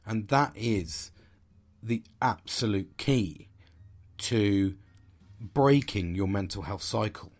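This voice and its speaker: A middle-aged man hosts a podcast, speaking in a low, husky voice. He rambles in a blunt, sweary but earnest way, giving casual motivational advice to his listeners. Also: animated, slow, pauses often, soft background music. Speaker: podcast host.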